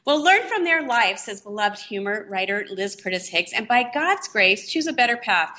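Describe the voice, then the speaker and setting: A woman's voice: mid-range voice, big pitch swings, normal speed, pushed and bright. A woman co-hosting a faith-based radio talk show, reading an introduction and then moving into conversation. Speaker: radio co-host.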